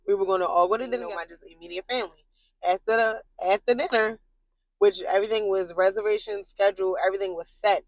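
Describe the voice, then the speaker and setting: A woman telling a long personal story straight to camera in a casual, rambling way, full of fillers and blunt swearing, getting animated when she's worked up. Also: dry recording, rough recording. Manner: animated, jumps high in pitch when worked up.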